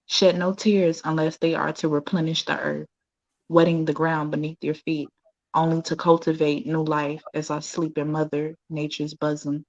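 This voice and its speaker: A woman reading her own poems aloud in a slow, solemn recitation. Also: sits low, flat delivery, highs cut off. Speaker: guest poet.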